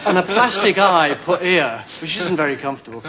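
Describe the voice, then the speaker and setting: A man's voice: high-pitched, animated, over a noisy crowd. A man telling silly comic anecdotes as a guest on a chat show, recorded in a television studio with a live audience. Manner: playful, silly, quick comic storytelling. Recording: 1990 TV broadcast, audience laughter. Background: studio audience laughing.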